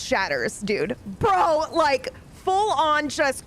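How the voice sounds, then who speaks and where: A woman in her thirties telling a story from her own life in a casual, animated way, swearing freely. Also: high voice, normal speed, hardly any pauses, a little hiss or hum. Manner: animated, swears freely, grows more excited. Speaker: streamer.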